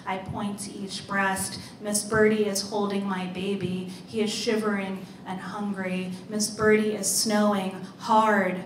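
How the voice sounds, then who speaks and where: A woman author reading her own story aloud in a measured, deliberate way. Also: mid-range voice, flat delivery, a little hiss or hum. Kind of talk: literary reading. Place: live reading event. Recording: roomy, distant mic, faint ambience.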